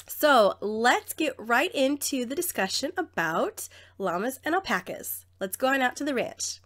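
Woman podcast host, somewhat high voice, stuffy nasal cold, friendly casual talk. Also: very animated, measured pace, a bit bright. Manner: friendly, apologetic, chatty. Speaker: podcast host, alpaca rancher. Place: barn with a tin roof, rain.

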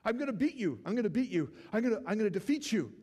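A man's voice: high-pitched, sing-song, rapid-fire, darkish tone, voice pushed up. A man voicing a stubborn, boastful male knight who refuses to admit defeat. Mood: defiant.

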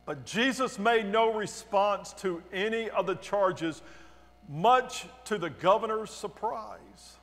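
A man with a high voice reads scripture to his congregation, giving the quoted speech a raised, emphatic delivery. His words ring out in a church hall with a long reverb tail. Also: takes it slowly, a bit bright. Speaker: pastor. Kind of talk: dramatic scripture reading. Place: church sanctuary.

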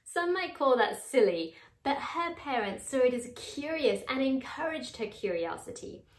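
A young woman hosts her vlog in a playful, theatrical way, her voice pitched a little high. The sound is roomy, with a clear echo from the space around her. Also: very animated, moderate pace. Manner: playful and theatrical, with bursts of mock outrage. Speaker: host. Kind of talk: upbeat scripted vlog talk.

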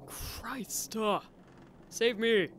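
A man commentating a horror game as he plays, talking to himself, jumpy and quick to exclaim and laugh. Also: sits high, noisy background. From United States. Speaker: gameplay commentator. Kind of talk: let's play commentary.

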